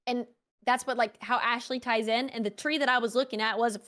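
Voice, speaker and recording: A woman's voice: fairly high pitch, fairly quick. A young woman, a streamer guest on a talk show, telling a story casually and animatedly, saying "like" often. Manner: animated, heavy use of "like".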